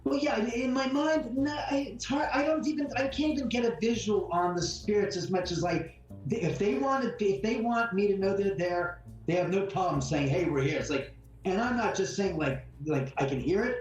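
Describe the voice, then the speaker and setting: A man talks in a rambling, animated way, repeating words and tossing in mild curses. He sounds set back from the mic in a very echoey room, with faint music behind him. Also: sits high, moderate pace, far from the mic. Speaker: homeowner guest. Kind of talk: casual storytelling interview.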